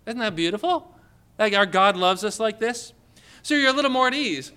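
A male preacher giving an earnest devotional sermon in a bright, fairly high voice. His tone is clear and crisp, and he leans on expressive rhetorical questions. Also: moderate pace.

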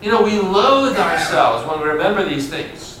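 A male pastor preaching a sermon to his congregation, asking rhetorical questions and leaning into words with dramatic pauses. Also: sits high, lively intonation, fairly bright tone, distant mic. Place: church sanctuary. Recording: roomy church sound from afar, faint hiss.

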